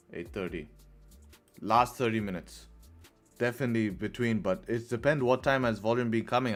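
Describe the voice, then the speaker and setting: A young man hosting a live trading stream, chatting casually and answering viewers' questions as he goes. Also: fairly low pitch. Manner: laid-back, chatty, reads chat aloud. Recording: faint music behind.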